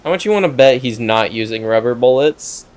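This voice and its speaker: A man's voice: mid-range voice, lively intonation, fairly quick, darkish tone. A young man streaming a game, making offhand joking asides. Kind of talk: casual gameplay commentary.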